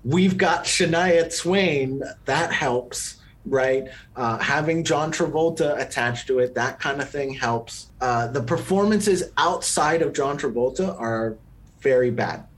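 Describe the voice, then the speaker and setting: A man's voice: mid-range voice, measured pace, slight background noise. Opinionated man talking through a movie review. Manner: opinionated, thinks aloud with frequent ums and restarts. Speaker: podcast co-host. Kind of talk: casual film review chat.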